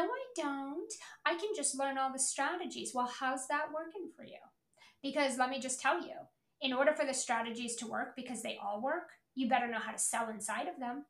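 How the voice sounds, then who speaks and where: A woman's voice: fairly high pitch, fairly bright tone, roomy sound. A middle-aged woman hosting a podcast, ranting bluntly and profanely about selling as a coach. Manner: profane, brash, emphatic. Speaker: podcast host, sales coach. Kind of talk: blunt motivational podcast rant.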